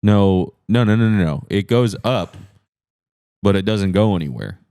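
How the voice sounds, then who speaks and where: A man with a very deep, dark and smooth voice, recorded close and dry. He tells outlandish comic stories in a flat, deadpan way, as a podcast guest. He is from New Hampshire. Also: moderate pace, dry recording. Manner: deadpan absurd storytelling. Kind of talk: improvised comedy interview.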